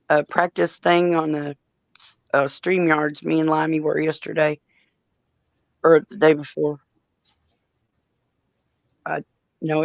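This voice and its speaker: A woman's voice: low-pitched, creaky, no echo, muffled recording. A woman, telling stories in casual chat and laughing often as she acts out quotes. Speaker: live stream co-host.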